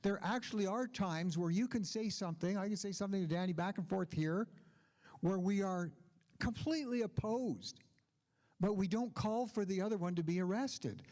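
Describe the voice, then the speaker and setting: This older keynote speaker has a high, darkish voice and talks at normal speed. Addressing a conference, he tells stories and drifts into asides along the way.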